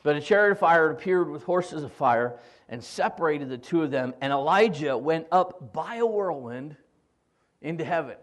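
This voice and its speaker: A male pastor preaching a sermon, retelling scripture in an animated, joking way. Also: fairly high pitch, moderate pace.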